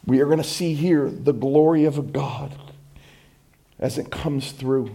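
A male pastor delivering a sermon in a high-pitched voice. He speaks slowly and deliberately, booming on key lines and dropping to soft asides in between. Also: steady tone, gravelly. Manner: emphatic, shifts between loud proclaiming and hushed asides.

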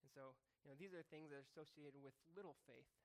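A man's voice: on the high side, quick pace, a little mellow. A man preaching a casual sermon, reading scripture and then explaining it in a loose, conversational way that corrects itself as he goes. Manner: conversational, self-correcting, chuckles at himself. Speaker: pastor.

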